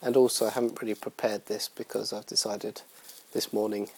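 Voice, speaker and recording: A man's voice: lowish voice, level tone, brisk, gravelly, darkish tone, husky, poor audio. A young man hosting his own podcast in casual, rambling, self-mocking chat full of fillers. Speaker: podcast host.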